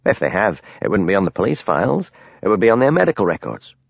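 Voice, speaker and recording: A frank police colleague, as a man reads him, matter-of-fact and a little gossipy. The voice sits low and moves a lot, recorded dry. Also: wildly swooping pitch, quick pace, vocal fry, no room sound, heavily acted.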